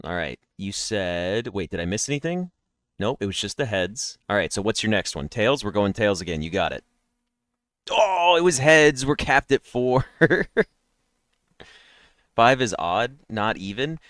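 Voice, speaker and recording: A man's voice: lowish voice, animated, normal speed, fairly bright tone, no room sound, studio quality. A man streaming daily guessing games, chatting and rambling nonstop to his viewers through a headset mic while yawning. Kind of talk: casual live-stream chat.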